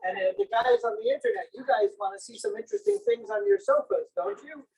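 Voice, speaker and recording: A man shows off a traveling invention museum to a live crowd in a senior center room, playfully cracking jokes and recruiting volunteers during the hands-on demonstration. His extremely high, creaky voice is darkish, fast-paced and full of big pitch swings, and the distant recording is low quality.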